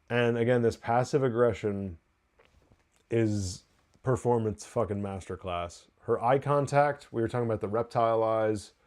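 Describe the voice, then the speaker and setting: Male TV review host, casual and excitable, swears freely, fills with "um" and "like". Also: mid-range voice. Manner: excited, loose and profane, with many fillers. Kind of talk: casual live TV episode review.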